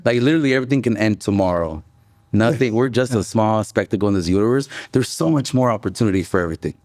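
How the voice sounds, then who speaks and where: A man's voice: on the low side, quick pace, no room sound. Upbeat young man talking business. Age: young adult. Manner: animated, upbeat, jokey. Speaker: guest, staffing company president. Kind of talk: casual interview chat.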